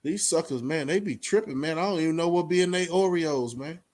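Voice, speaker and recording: A man talks straight to his viewers in a loose, streetwise vlog, sermonizing about respect and real talk. His voice sits fairly high for a man, and he keeps tossing in "man" between thoughts. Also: fairly quick, darkish tone. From Austin, Texas. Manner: streetwise, preachy, repeats "man" and "you know what I'm saying". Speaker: vlogger. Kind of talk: casual talk to camera.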